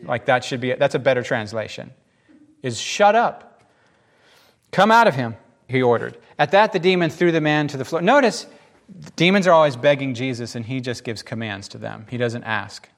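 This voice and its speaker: A man giving informal, emphatic Bible teaching in a lively, conversational way. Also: mid-range voice, brisk, creaky.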